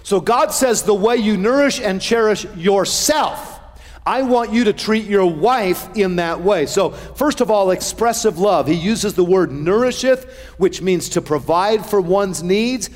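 A man's voice: high voice, measured pace, long reverb tail. A middle-aged male pastor preaching a sermon, earnest, with folksy humor and shifting emphasis.

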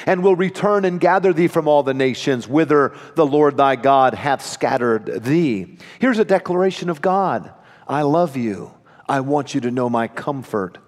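A pastor preaching a sermon in an earnest, emphatic manner with dramatic pauses. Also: male voice, sits high, a little mellow, in a large hall. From United States.

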